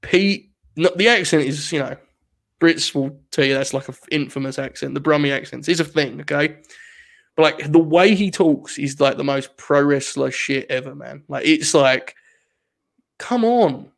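A man from England co-hosting a podcast, chatting casually in animated, profane, joking rants. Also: fairly high pitch, moderate pace, gravelly. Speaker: podcast co-host. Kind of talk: casual chat.

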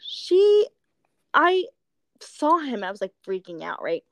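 Giggly, excitable young woman, lively pitch. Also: moderate pace, creaky, no room sound. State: tired. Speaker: podcast co-host. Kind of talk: casual chat.

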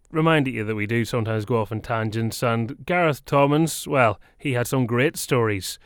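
A man's voice: mid-range voice, moderate pace, few pauses, smooth, no room sound, studio quality. A man hosting a sports podcast, chatting and laughing along with his guests. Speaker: podcast host.

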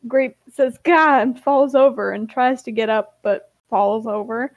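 A woman's voice: fairly high pitch, fairly even intonation, measured pace, a little mellow, dry recording. A woman co-hosting a podcast, reading a roleplay aloud in a tired, amused way, laughing often. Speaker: podcast co-host.

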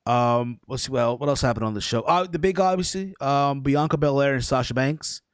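A podcast co-host with a mid-range, smooth voice talks briskly about wrestling, rambling loosely and swearing a lot while saying "bro." The recording is dry, with clean studio sound.

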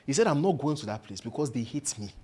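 A man's voice: mid-range voice, quick pace, breathy edge. A man preaching a sermon, playfully mimicking doubters and putting questions to his listeners. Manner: animated, mimics doubters in playful voices, asks the audience questions.

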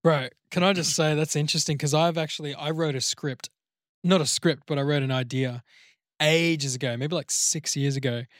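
A man in casual podcast chat, animated and swearing freely, describing a story idea. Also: on the high side, normal speed, dry recording, studio quality. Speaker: podcast co-host.

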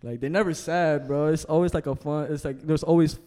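A man's voice: fairly high pitch, fairly even intonation, brisk, mellow. A young man from the Philippines, talking as a podcast guest in a loose, rambling way, full of "you know" and "like". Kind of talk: casual interview chat. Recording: long hall reverb.

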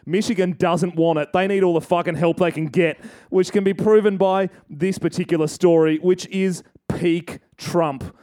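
A high-pitched man co-hosts a comedy podcast. He rants in a crude, mocking way and drives every bit toward a punchline. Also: fairly even intonation, normal speed, dark tone. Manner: profane, mocking, builds to punchlines. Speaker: co-host.

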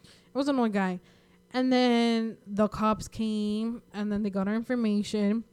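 A young woman telling a rambling, animated story in casual chat. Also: medium pitch, measured pace, clean tone. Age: young adult.

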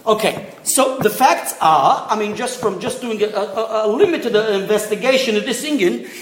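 Man, high voice, informal religious lesson, rambling digressions, Hebrew and Yiddish terms, echoey room. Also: lively intonation, moderate pace, a little hiss or hum. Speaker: Torah teacher.

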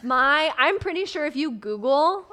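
A young woman casually telling a story in a chat, animated and acting out her own reactions. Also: sits high, measured pace, dry recording.

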